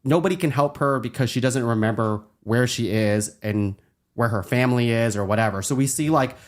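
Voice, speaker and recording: A man's voice: mid-range voice, brisk. Chatty man recapping a film. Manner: chatty, laughs often, acts out quoted lines. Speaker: podcast co-host. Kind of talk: casual chat recapping a film.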